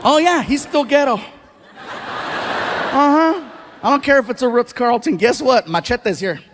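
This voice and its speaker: A man telling stand-up stories in an animated way, acting out the people in them, on stage at a live show. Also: very high-pitched, moderate pace, big-room sound, noisy background. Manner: animated, acts out voices, jokes at his own expense. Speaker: stand-up comedian. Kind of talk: stand-up storytelling.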